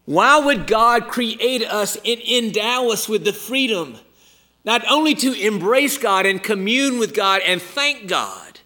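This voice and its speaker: A man preaching a sermon, emphatic and dramatic, moving from loud exclamations down to hushed near-whispers. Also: high-pitched, sing-song, takes it slowly.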